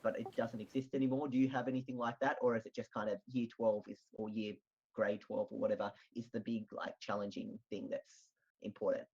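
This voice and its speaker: Young Australian host, husky and talkative, storyteller, muffled lo-fi chat audio. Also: medium pitch, little pitch movement, brisk, a little mellow. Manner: chatty, laughs often, storytelling. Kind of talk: casual group voice chat.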